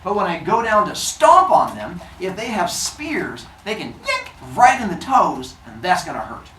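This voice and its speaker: A man's voice: sits high, huge pitch swings, moderate pace, reverberant, far from the mic, background noise, pitched above the performer's own voice. A man voicing a petty, grumpy male king god in a bedtime-style myth retelling, indignant and exaggerated. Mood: peevish.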